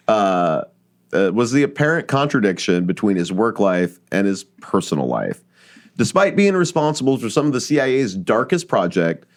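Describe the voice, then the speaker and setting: A man hosting a relaxed podcast conversation, with a voice that rises and falls a lot as he tells his story. He talks informally and fills gaps with "uh" and "like" as he goes. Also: medium pitch. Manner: lively, researched storytelling with frequent fillers. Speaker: podcast host. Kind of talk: casual podcast chat.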